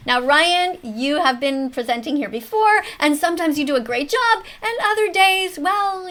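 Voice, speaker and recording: A woman in her fifties hosting a mock classroom, commenting on a video in an animated schoolteacher tone. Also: high voice. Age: 50s. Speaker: teacher hosting a reaction video.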